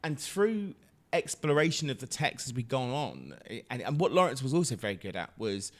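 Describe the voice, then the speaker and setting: A middle-aged man chatting as a podcast guest, animated, often laughing and restarting his sentences. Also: mid-range voice, moderate pace. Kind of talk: casual chat.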